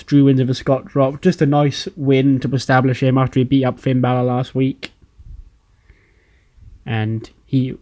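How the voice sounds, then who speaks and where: A man's voice: medium pitch, a little mellow. Casual man recapping a game. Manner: casual, storytelling with acted quotes. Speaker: game channel host. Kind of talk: narrated recap of a wrestling sim game.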